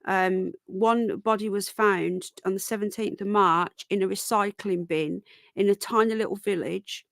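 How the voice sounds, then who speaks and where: Chatty Birmingham woman, livestream host, gravelly edge, mid-pitched. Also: steady tone, a little slow, a bit bright, no echo, clean studio sound. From Birmingham, England. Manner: chatty, rambling, cooing over her pet rabbits. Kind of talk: casual livestream chat.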